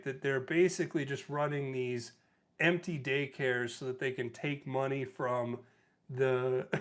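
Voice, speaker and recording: Man, livestream host, sarcastic commentary, chuckling asides, mid-range voice. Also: medium pitch.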